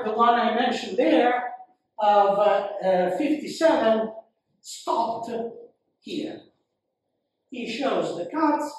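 A man giving a university lecture, slow and halting, with frequent fillers and repeated phrases. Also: very high voice, darkish tone. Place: lecture hall. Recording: very echoey room, mic far off.

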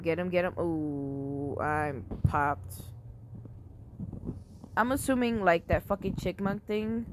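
Slow-talking swearing woman gamer. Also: fairly low pitch, background noise. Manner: swears often, yelps when things go wrong. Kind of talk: casual mobile game commentary.

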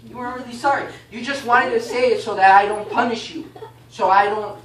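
A man teaching a baptism class in a casual, animated way, often asking "okay?" and "you know?". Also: high voice, fast talker, a crowd in the background. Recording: echoey room, mic far off, faint noise.

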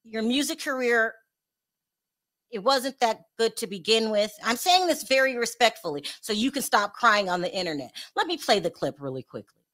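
A woman's voice: a little high, expressive, moderate pace, fairly bright tone. A woman hosting a celebrity gossip show, talking bluntly and animatedly, speaking straight to the stars she discusses. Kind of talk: casual commentary to camera.

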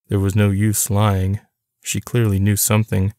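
Low-voiced man reading a novel aloud. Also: completely flat delivery, normal speed, dark tone, no echo, studio quality. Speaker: narrator.

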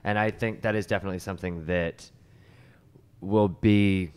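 Deep-voiced man explaining hair colour. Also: fairly even intonation, darkish tone, smooth. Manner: explains in a measured, teacherly way. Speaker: hairstylist co-host and colour educator. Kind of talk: casual podcast chat.

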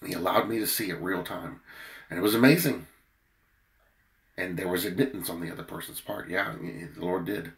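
Worn-out preacher, low voice, earnest emphatic devotional reading, loudness rising and falling. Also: male voice, moderate pace, vocal fry. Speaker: preacher leading a daily prayer. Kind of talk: devotional sermon with scripture reading.

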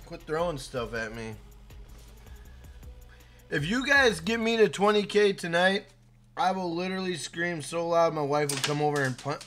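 A man's voice: on the high side, animated, normal speed, long pauses, faint music behind. A young man live-streaming a game, chatting casually and hyping up his chat by name. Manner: hyped, shouts out chat names.

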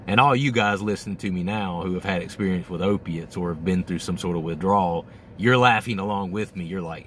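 A man's voice: low voice, brisk, fairly bright tone, a little hiss or hum. A man hosting a candid, casual monologue, swearing freely and acting out his own thoughts, middle-aged. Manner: candid, profane, acts out his own inner voice. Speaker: host.

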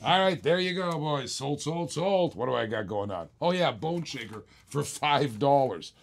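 A man's voice: medium pitch, big pitch swings, normal speed, creaky. A man hosting a live-streamed auction, calling bids in a chatty, joking way and repeating each bid.

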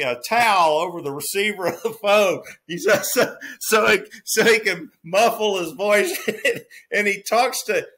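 Bright-voiced Texan man, rambling storyteller. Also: high voice. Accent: Texas. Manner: rambling storyteller with restarts and laughter. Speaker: guest, former football player. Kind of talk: casual anecdote.

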